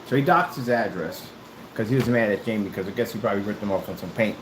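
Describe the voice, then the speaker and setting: A man's voice: lowish voice, fast talker, roomy sound, background noise. A man ranting in a callout video, combative and mocking, who keeps repeating himself. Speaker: YouTuber.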